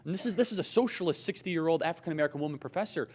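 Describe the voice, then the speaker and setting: A man giving a persuasive political speech at a hotel conference and taking audience questions, talking emphatically and briskly. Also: on the high side, darkish tone. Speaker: conference speaker.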